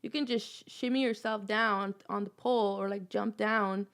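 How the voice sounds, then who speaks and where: A woman's voice: medium pitch, steady tone, moderate pace, fairly bright tone. A woman in her twenties from Los Angeles, a rapper being interviewed, talking casually and animatedly, laughing often and swearing freely. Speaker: rapper guest.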